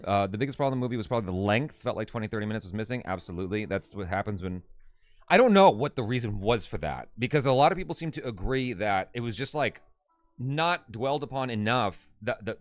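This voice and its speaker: A man's voice: fairly low pitch, lively intonation, quick pace, no echo. A man co-hosting a casual live stream, reading viewer comments aloud and reacting. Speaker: co-host reading live chat.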